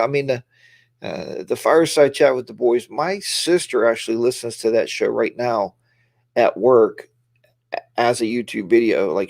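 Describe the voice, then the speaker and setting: A man's voice: medium pitch, vocal fry, a little mellow, no room sound, clean studio sound. A tired middle-aged man hosting a casual live stream, rambling and greeting viewers by name.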